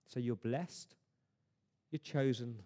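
A man's voice: mid-range voice, takes it slowly, dark tone. A man preaching a sermon to his congregation, earnest, often restarting words and asking rhetorical questions. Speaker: pastor. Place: church service.

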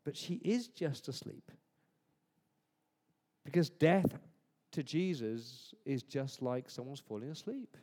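A man delivers a sermon in a mellow, warm voice, drifting between hushed, intimate asides and emphatic declarations. His words ring out with a long reverb trailing behind them. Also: medium pitch, big pitch swings, slow pace. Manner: conversational, swings from hushed to emphatic. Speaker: preacher.

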